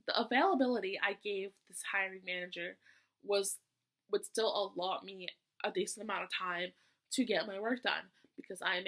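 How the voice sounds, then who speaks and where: A woman's voice: mid-range voice, pushed and bright. A young woman and student telling a storytime vlog in a chatty, exasperated way, with sassy asides. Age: young adult. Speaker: vlogger. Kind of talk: casual storytime.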